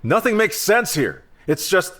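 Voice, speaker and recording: A man's voice: high voice, very animated, a little slow, fairly bright tone, husky, full character voice. An actor dubbing a young man accused of murder who indignantly argues his innocence.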